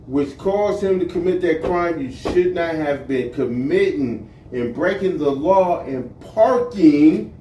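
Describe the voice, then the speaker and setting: A man's voice: on the high side, unhurried, hardly any pauses, mellow, far from the mic. A man co-hosting a casual podcast, talking bluntly and arguing, with plenty of swearing. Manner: blunt, argumentative, swears freely. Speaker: podcast co-host. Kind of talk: casual chat. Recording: roomy echo, off-mic, faint hiss.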